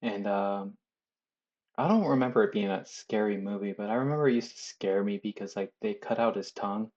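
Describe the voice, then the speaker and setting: A man's voice: fairly low pitch, fairly quick, a little mellow, highs cut off. A man chatting casually as he draws, rambling and swearing with a loose, joking manner. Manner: loose, profane, chuckling storyteller. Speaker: artist drawing on stream. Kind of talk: casual rambling chat while drawing.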